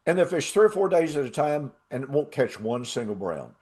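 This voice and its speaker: Lively older man telling a story. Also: mid-range voice, normal speed. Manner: animated, laughs often, acts out quoted voices. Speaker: show host. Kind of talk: casual storytelling chat.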